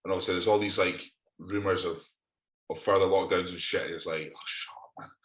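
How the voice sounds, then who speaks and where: A Scottish man with a very low voice but a bright, forceful tone, rambling casually and swearing in exasperation. His voice has a roomy echo around it. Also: fairly even intonation, a little fast. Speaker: podcast co-host. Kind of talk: casual chat.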